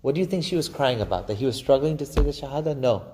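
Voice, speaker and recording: A man's voice: medium pitch, expressive, background noise. Impassioned man preaching in a reverberant hall. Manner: impassioned preaching, swelling and slowing for emphasis, chanted Arabic phrases. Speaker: imam giving Friday khutbah. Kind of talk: sermon.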